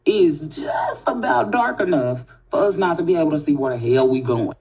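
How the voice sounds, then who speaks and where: A woman telling a spooky childhood story in a casual, animated way, swearing freely and talking straight to her listeners. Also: deep voice, brisk. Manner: animated, profane, talks straight to the audience. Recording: dull lo-fi audio.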